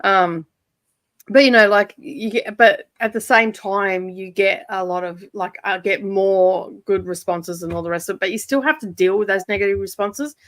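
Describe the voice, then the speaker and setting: An Australian woman hosts a casual reading-sprint livestream from a home room by a side street. Her voice is medium in pitch, moderately paced and a bit bright, on a dry recording. She chats freely, laughs often and swears lightly.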